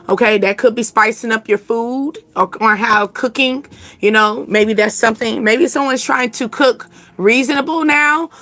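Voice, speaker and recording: A woman's voice: on the high side, sharp tone, no echo. A woman hosting a casual live reading, rambling chattily and answering comments from her chat. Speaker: channel host giving intuitive readings.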